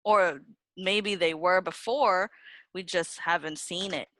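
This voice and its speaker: A woman's voice: lowish voice, takes it slowly, fairly bright tone, no room sound. A young woman co-hosting a casual podcast, thinking aloud with hedges. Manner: reflective, hedging with "I feel like". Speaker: podcast co-host. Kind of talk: casual chat.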